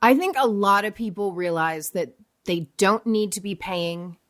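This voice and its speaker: A woman's voice: mid-range voice, measured pace, a bit bright. Chatty, self-mocking woman guest. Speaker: podcast guest, former morning TV presenter. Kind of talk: casual chat.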